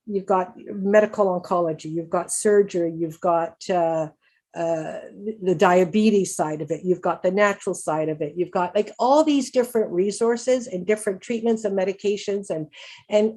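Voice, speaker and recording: Middle-aged woman, patient advocate at a conference; upbeat, chatty, quick laughs, frequent restarts. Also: medium pitch, darkish tone. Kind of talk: conference presentation.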